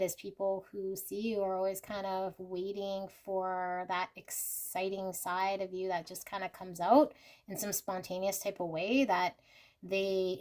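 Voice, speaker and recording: Female tarot reader, mid-range voice, relaxed off-the-cuff delivery full of "I feel like," reassuring toward the listener. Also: medium pitch. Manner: chatty and unscripted, often hedging with "I feel like"; warm and reassuring, addressing the viewer directly. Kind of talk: casual pick-a-card tarot reading.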